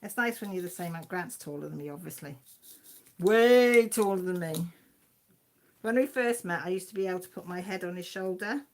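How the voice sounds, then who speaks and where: A woman's voice: lowish voice, quick pace, few pauses. A Welsh woman in her fifties hosting a casual livestream chat, reading out viewers' comments and laughing often. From Wales. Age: 50s. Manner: chatty, laughs often, reads out names from the chat. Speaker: livestream host.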